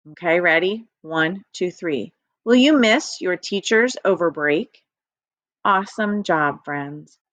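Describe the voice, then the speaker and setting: A woman's voice: mid-range voice, a bit bright, no room sound. A woman teacher giving a recorded phonics lesson to young children, upbeat and sing-song.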